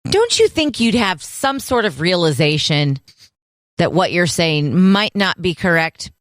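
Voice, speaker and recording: Female podcast co-host, lower voice, relaxed and wry, dry studio sound. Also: measured pace, no room sound. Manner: relaxed, dryly amused, reassuring. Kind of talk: casual chat.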